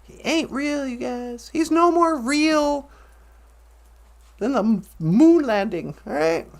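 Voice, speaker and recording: Casting note: high, unhurried sarcastic auntie, played by a man, comedic. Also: expressive, exaggerated voice. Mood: mock-conspiratorial. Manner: sarcastic, giggly, sing-song asides. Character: chatty, teasing auntie woman host. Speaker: show character.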